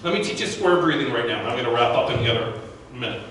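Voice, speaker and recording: A man's voice: mid-range voice, animated, fast, fairly bright tone. Man speaking in an echoey room. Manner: conversational, with frequent restarts and repeated words. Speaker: guest speaker. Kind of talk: live talk to a business audience. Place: event room at a networking event. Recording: echoey room from far off with faint background noise.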